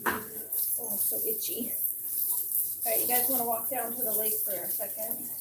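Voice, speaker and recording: A woman's voice: level tone, moderate pace, very noisy. A woman chatting casually while coaxing and calling her dogs outdoors, recorded on a phone. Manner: coaxing high pet-talk to dogs. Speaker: vlogger. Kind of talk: casual chat with her pets. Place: outdoors at home, yard and street.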